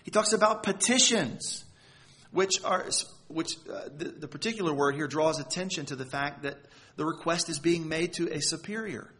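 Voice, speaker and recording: A man's voice: fairly high pitch, moderate pace, a bit bright. A man preaching a sermon, earnest and emphatic, leaning hard on key words. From United States.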